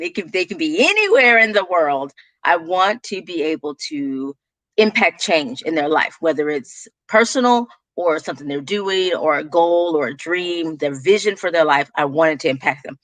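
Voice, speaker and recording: A woman's voice: lowish voice, no echo. A woman with a Texas accent, talking about her business as a guest in a casual interview, telling stories with lots of laughter. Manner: animated storyteller, laughs often.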